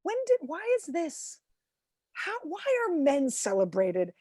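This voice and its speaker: A woman's voice: high-pitched, big pitch swings, a little slow, dark tone, no echo, studio quality. A woman performing stand-up comedy over a video call, telling exasperated stories full of acted quotes. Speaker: headlining comedian.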